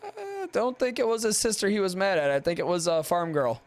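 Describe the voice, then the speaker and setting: A man's voice: high voice, huge pitch swings, fairly quick. A man appearing as a guest on a casual podcast, laid-back and stopping to restart his sentences. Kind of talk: casual chat.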